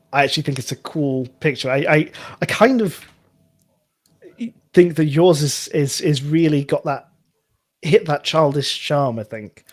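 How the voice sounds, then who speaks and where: A man co-hosting a casual gaming show, talking in a hesitant way with repeated words and frequent laughter. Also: a little high. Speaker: co-host.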